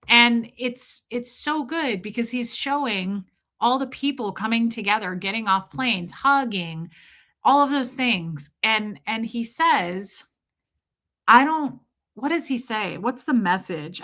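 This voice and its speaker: A young adult woman hosting a livestream, chatting casually with viewers in a rambling, animated way, her voice a little worn from screaming. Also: medium pitch. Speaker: livestream host.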